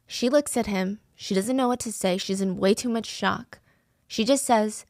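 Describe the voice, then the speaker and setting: A woman's voice: medium pitch, normal speed, gravelly, fairly bright tone, dry recording, studio quality. A woman telling a true crime story in a casual, conversational way, with fillers like "like" and "I mean".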